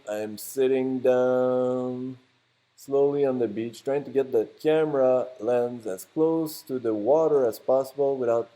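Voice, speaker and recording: A vlogger with a French Canadian accent films himself on a beach by the water, his medium-pitched voice mellow. Picked up by a handheld camera mic, he chats and rambles casually, throwing in teasing asides.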